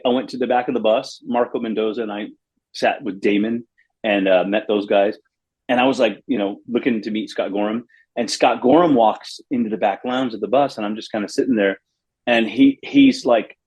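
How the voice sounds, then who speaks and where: Middle-aged man from Los Angeles, husky voice, rambling anecdotes with lively acted quotes, casual interview guest. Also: lowish voice. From Los Angeles, USA. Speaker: bass player, guest.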